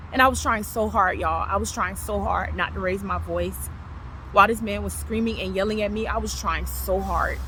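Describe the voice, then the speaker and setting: A woman, telling her personal testimony with passion, repeating herself and swinging from loud to low. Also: moderate pace, slight background noise. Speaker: vlogger sharing her testimony.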